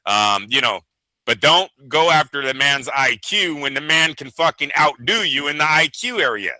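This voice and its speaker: A man co-hosting a boxing podcast, talking in a blunt, emphatic and profane way. His voice is very bright and forceful and sits somewhat high. It sounds dry and close to the mic. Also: lively intonation, normal speed, dry recording, poor audio. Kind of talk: casual opinionated chat.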